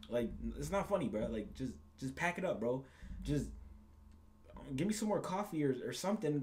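A young man with a somewhat high voice talks over a game he is playing. His talk is crude and rambling, full of swearing and repeated words, and he laughs at his own jokes. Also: fairly quick, darkish tone. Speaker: gaming YouTuber. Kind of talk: casual commentary reacting to a game.

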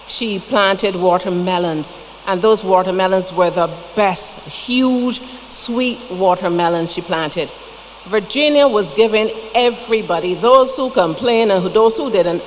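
Barbadian lady giving a eulogy, folksy chatty storytelling, long church echo, little bit of hiss. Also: medium pitch. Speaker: eulogy speaker. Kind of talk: funeral tribute speech. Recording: long church reverb, faint noise.

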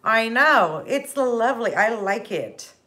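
A woman hosting a casual cooking stream, chatting gently with viewers and laughing often as she bakes. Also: a little high, animated, takes it slowly. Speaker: cooking show host.

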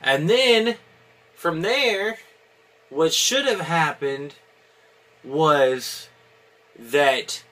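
A man's voice: fairly high pitch, lively intonation, drawn-out words, pauses often, sharp tone. A man giving a casual, opinionated video review, rambling with many restarts and fillers. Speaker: wrestling reviewer.

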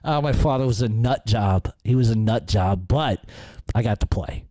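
A man's voice: lowish voice, moderate pace, dark tone, dry recording. A man hosting a podcast, telling a rambling, profanity-laced story. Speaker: podcast host. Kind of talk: casual storytelling.

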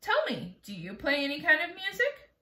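A woman playing a curious high little boy. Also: wildly swooping pitch, normal speed, pushed and bright, heavily acted. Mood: eager. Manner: wondering, earnest. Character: curious eager small boy. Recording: roomy echo.

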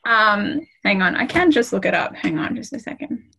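A woman's voice: medium pitch, sing-song, normal speed, vocal fry, bright, forceful tone, slight background noise, rough recording. A woman teaching a beginners' French lesson over a video call, in a casual, friendly way with many ums and okays. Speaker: French tutor. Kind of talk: casual online language lesson.

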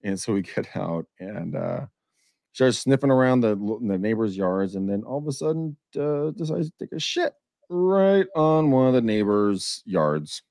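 A man's voice: lowish voice, a little slow, vocal fry, no echo, clean studio sound. A man hosting a live real estate show, chatting crudely and joking while he makes cold calls. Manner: crude, joking, swings loud when excited. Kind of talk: casual live-stream banter while cold calling.

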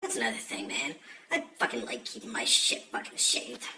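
A man's voice: medium pitch, lively intonation, normal speed, recorded from a distance, background noise. A man ranting crudely into his phone, rambling and joking with constant swearing. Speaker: social media video maker. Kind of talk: crude casual rant to camera.

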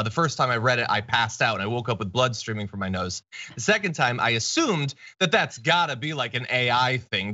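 Sarcastic bright-voiced male show host. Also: mid-range voice, lo-fi sound. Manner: mocking, deadpan sarcasm. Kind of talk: sarcastic political commentary.

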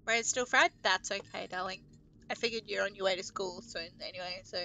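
A woman's voice: mid-range voice, brisk, vocal fry, sharp tone, a little hiss or hum, rough recording. A young woman live-streaming a horror game, chatting to her viewers, swearing freely and shrieking at scares. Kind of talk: casual live-stream commentary.

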